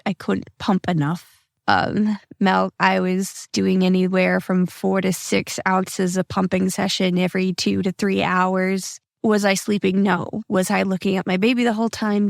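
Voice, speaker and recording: A woman's voice: mid-range voice, gravelly, dry recording, studio quality. A young woman hosting a podcast, telling a personal story in an earnest, emotional, plain-spoken way. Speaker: podcast host.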